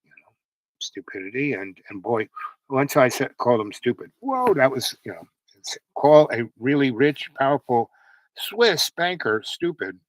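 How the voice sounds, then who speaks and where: A man's voice: medium pitch, very animated, unhurried, no room sound, poor audio. A man host telling a personal story in a casual, rambling way, full of "you know" and restarts.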